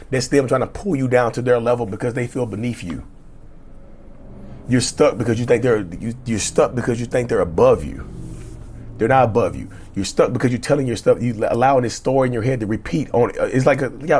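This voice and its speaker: A man's voice: medium pitch, darkish tone. A middle-aged man speaking as a relationship coach, giving emphatic, repetitive, blunt motivational talk with cussing.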